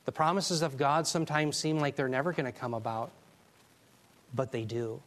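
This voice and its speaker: A man teaching a Bible class, preaching in an emphatic, animated way and taking questions from the class. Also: medium pitch, moderate pace. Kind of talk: sermon.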